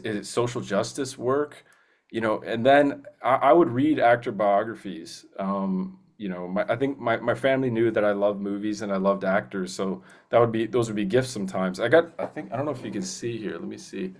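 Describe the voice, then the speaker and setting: A male voice actor, a guest in a casual interview, chatting eagerly and rambling with many fillers and restarts. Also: on the low side. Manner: slips into quick movie-character impressions.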